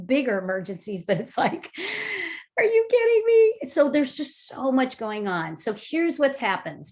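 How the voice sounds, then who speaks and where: A woman on a video call leading a mindfulness workshop, guiding breathing and movement exercises in a lively, chatty way with frequent fillers. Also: mid-range voice.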